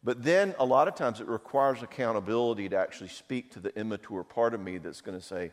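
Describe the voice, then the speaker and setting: A man's voice: fairly low pitch, fast talker, few pauses. Conversational man in an echoey hall. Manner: conversational, storytelling, self-mocking. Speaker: marriage counselor speaking at a seminar. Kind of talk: seminar talk. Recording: long hall reverb.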